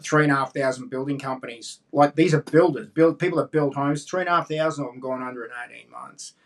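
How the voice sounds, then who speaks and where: A man's voice: medium pitch, fast talker, recorded from a distance. An Australian man hosting a casual interview, talking in a conversational, indignant way. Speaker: podcast host.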